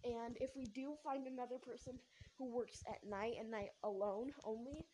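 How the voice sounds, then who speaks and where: Woman, casual storytime vlogger, rambling delivery with frequent restarts, voice a bit high. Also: steady tone, moderate pace, background noise.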